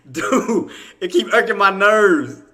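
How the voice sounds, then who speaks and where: A man with a fairly high, bright voice gives live day-trading commentary to his viewers. He teases and laughs loudly one moment, then mutters quietly to himself while he works his orders. His speech is loose and full of slang. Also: extremely slow. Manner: animated, laughing, teasing, slangy; drops to low muttering while placing orders.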